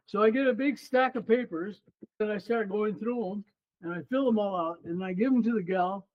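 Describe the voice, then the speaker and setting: This man, in his seventies and once a runner and coach, recounts a story in an interview, performing the quoted voices of the people involved. He speaks in a high voice at a moderate pace, and the recording sounds muffled.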